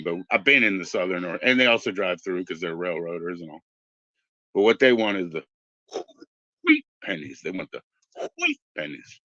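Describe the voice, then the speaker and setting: A man's voice: lowish voice, sharp tone, dry recording. A man in his forties in casual chat, wandering through tangents and swearing freely. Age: 40s. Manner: meandering, profane, tangents. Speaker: podcast host. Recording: dull lo-fi dry recording.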